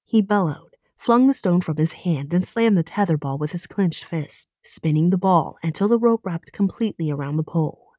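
A woman reading an audiobook in calm, measured narration. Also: on the low side, no room sound, studio quality.

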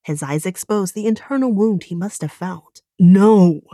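A woman's voice: mid-range voice, expressive, moderate pace, dark tone, dry recording. Woman narrating an audiobook, dry sound.

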